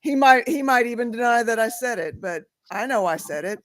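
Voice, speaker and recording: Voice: mid-range voice, expressive, fairly bright tone, no room sound, clean studio sound. A participant in an online recovery meeting chatting casually over a video call and stumbling over a few words. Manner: halting, restarts words.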